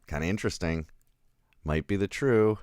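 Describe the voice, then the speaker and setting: A man's voice: deep voice, normal speed, darkish tone, clean tone, no echo. A man reviewing a film in a casual livestream, rambling, chuckling and answering live chat as he goes.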